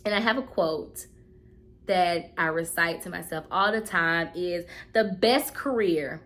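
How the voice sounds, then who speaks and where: A woman's voice: on the low side, a little slow, a bit bright. A woman, talking heartfelt and earnest in a casual vlog, repeating herself for emphasis. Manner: heartfelt, earnest, repeats phrases, gets choked up. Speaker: vlogger.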